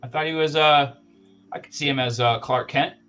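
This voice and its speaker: A man's voice: mid-range voice, fairly even intonation, normal speed, fairly bright tone, clear, resonant tone, lo-fi sound, soft background music. A man co-hosting a live show, giving a casual, enthusiastic movie review full of fillers and restarts. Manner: rambling, many fillers and restarts. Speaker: podcast co-host reviewing movies.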